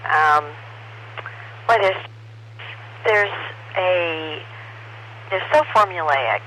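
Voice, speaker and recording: A woman's voice: lowish voice, drawn-out words, fairly bright tone, poor audio. A woman on an amateur radio net, talking casually and giving blunt, mildly sarcastic opinions. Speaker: ham radio net participant. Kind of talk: casual on-air chat over radio. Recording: radio audio with faint hiss.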